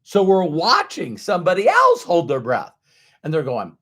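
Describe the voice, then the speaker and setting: A man's voice: sits high, huge pitch swings, normal speed, sharp tone. A man giving a conversational motivational talk who acts out the voices of doubters. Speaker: motivational speaker.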